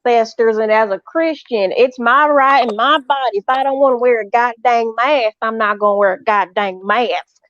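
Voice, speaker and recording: A woman's voice: fairly high pitch, moderate pace, a bit bright, close to an everyday voice. Woman putting on a blustering anti-mask patriot. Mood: indignant. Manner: mocking, indignant. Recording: dull lo-fi sound.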